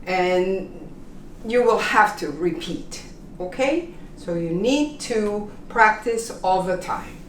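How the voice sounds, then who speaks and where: A woman teaching pronunciation, repeating example phrases slowly and checking in with "okay?". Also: mid-range voice, lively intonation, roomy sound, distant mic, a little hiss or hum. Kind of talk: slow, deliberate classroom instruction.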